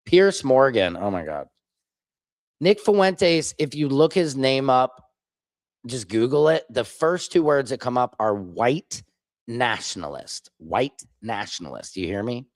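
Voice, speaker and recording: A man who is a father, casually ramble-chatting on his own livestream, digressing and mocking others with quick impressions. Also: medium pitch, expressive, dry recording, studio quality. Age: adult, father of children. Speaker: streamer, independent commentator. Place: home studio.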